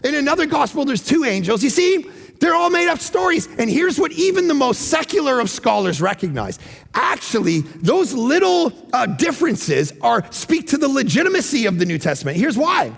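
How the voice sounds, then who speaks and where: A man preaching a sermon as pastor, animated, moving from shouts down to hushed, near-whispered lines. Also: very high voice, moderate pace, creaky, big-room sound. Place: church hall.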